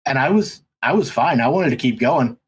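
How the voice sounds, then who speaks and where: A man's voice: mid-range voice, lively intonation, moderate pace, slightly rough, rough recording. A man guesting on a podcast, telling stories in casual chat with lots of ums and restarts. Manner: rambling, many ums and restarts. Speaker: podcast guest, race commentator.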